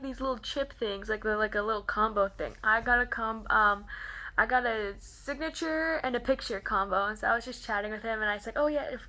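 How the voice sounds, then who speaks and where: Bright-voiced, gushing young woman vlogger. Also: fairly high pitch. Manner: gushing, excitable, lots of "like" fillers. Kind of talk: casual storytelling to camera.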